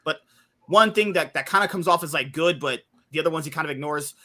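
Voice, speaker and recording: Bright-voiced man hosting a podcast. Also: a little high, fast. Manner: joking, crude banter, then steering the topic. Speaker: podcast host. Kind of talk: casual chat.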